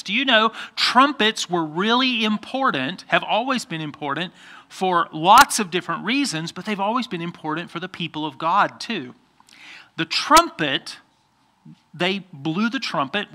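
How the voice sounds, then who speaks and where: A man's voice: high-pitched, pushed and bright. A man pastor giving a playful children's sermon, coaxing the kids by name to join in.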